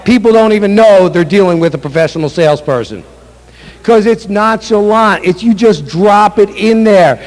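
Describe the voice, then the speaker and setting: A man's voice: high voice, a little mellow. A man running a sales seminar, speaking emphatically, repeating key points and acting out sample sales calls. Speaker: sales trainer. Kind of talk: motivational sales seminar talk. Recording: echoey hall with long reverb.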